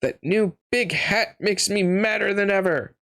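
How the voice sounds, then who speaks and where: A man voicing a hot-tempered, bratty young grand duke in a storybook reading, shouting his defiance. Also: sits high, unhurried. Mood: furious.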